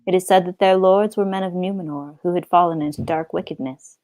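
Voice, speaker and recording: A woman's voice: on the low side, steady tone, a little fast, a little mellow, no room sound, voice pushed down, natural voice. A woman reading as a solemn male captain. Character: solemn male captain telling old lore. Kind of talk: reading a book passage aloud.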